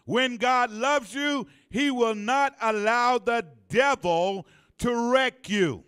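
A man's voice: extremely high pitch, a bit bright, clear, resonant tone. A man preaching a sermon in church, calling on the congregation to answer back and stretching out key phrases for emphasis. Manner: call-and-response preaching, drawn-out emphatic phrases. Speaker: pastor. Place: church sanctuary.

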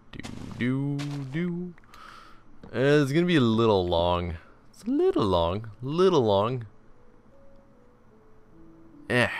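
A man's voice: fairly low pitch, slight background noise. Rambling, tired young man gaming. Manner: rambling, self-deprecating, jokey asides. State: tired, yawning. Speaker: gaming channel host. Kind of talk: casual Let's Play commentary.

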